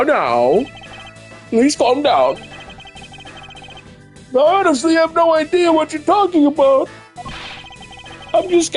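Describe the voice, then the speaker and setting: A man voicing a nervous rich old man in a high strained falsetto, pleading his innocence. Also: full character voice.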